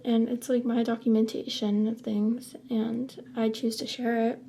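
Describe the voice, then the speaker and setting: A woman's voice: a little high, level tone, measured pace, mellow, slight background noise. A young woman vlogging in a casual chat to camera, rambling with lots of filler words.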